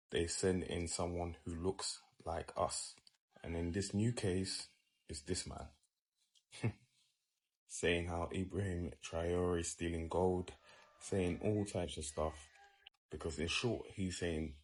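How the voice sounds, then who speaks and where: A man's voice: low-pitched, normal speed, a little mellow, husky. A man giving emphatic, laid-back opinion commentary.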